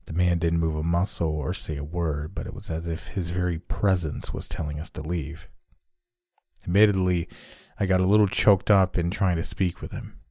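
Deep, mellow-voiced man narrating horror. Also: fairly even intonation, moderate pace, no room sound, clean studio sound. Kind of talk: scripted horror story narration.

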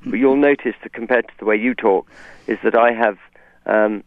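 A man's voice: lowish voice, steady tone, normal speed, no room sound. A man with an English received pronunciation accent, a guest in a radio interview, articulate and discursive with frequent restarts. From England. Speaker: author guest. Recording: tinny phone line.

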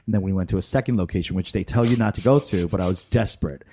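Animated, frank male podcast storyteller. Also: low voice, racing, a little hiss or hum. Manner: animated, frank storyteller who acts out quotes. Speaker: podcast host. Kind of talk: casual storytelling chat.

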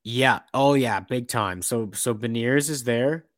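A man's voice: medium pitch, a little slow, no room sound, clean studio sound. A young man co-hosting a casual sports chat, rambling with lots of fillers and restarts.

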